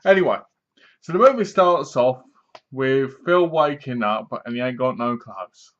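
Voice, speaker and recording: A man's voice: medium pitch, lively intonation, measured pace. A man casually reviewing a film to his webcam, retelling the plot in a rambling way and laughing at the jokes. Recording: dull lo-fi webcam audio.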